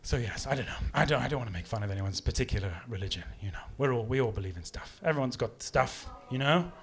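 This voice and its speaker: A man doing a rambling stand-up comedy set, animated and giggling at his own jokes. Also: mid-range voice, fast talker, slight background noise. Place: pub comedy room with live audience. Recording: live audience laughter and applause.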